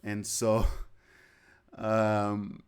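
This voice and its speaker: A man's voice: fairly low pitch, monotone, extremely slow, smooth. A man giving live chess commentary, rambling and chatty, with anecdotes between moves.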